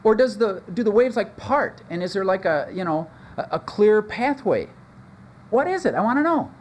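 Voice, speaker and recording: A man preaching a conversational sermon, animated, with asides and sudden jumps in pitch. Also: moderate pace, slight background noise. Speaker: pastor. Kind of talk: expository sermon.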